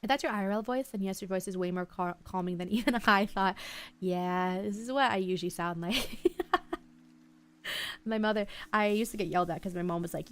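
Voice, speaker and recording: A young woman streaming live, chatting softly and calmly, with a quiet, slightly mumbled way of talking and wandering thoughts. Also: mid-range voice, moderate pace, clean tone. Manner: soft-spoken, mumbling, drifting thoughts. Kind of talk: relaxed live-stream chat. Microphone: headphones half off, desk mic.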